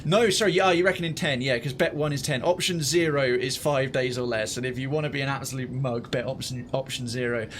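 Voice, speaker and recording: A man's voice: mid-range voice, a little fast, few pauses, slight background noise. A man streaming a video game, rambling casually through his commentary and swearing now and then. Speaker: gaming streamer.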